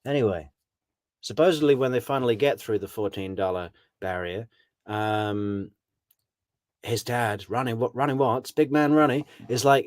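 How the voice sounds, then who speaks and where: A man's voice: on the low side, measured pace, no room sound, clean studio sound. A man giving casual, sardonic true crime commentary, mocking the people he talks about in put-on voices.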